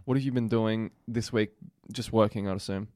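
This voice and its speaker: A man's voice: on the low side, fairly even intonation, fairly quick, darkish tone. Rambling young man hosting. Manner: rambling, laughs often, trails off mid-story. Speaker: podcast host. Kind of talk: casual chat.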